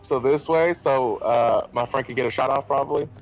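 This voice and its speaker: A man's voice: medium pitch, moderate pace, faint music behind. A man playing a tabletop game, talking offhandedly with hesitant fillers. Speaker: player. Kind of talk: casual game talk.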